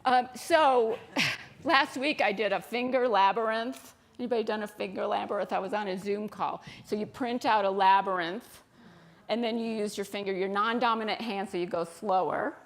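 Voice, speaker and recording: A woman with an American accent giving an informal sermon in a church, chatty and quick to laugh as she tells stories. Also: medium pitch, fairly even intonation. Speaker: speaker at a spiritual center service. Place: church sanctuary.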